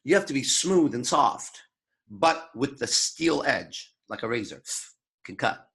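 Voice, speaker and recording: A man's voice: mid-range voice, lively intonation, measured pace, fairly bright tone, breathy edge. A man coaching seduction in a crude, emphatic lecture, swearing constantly and acting out his own thoughts. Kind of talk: profane motivational lecture.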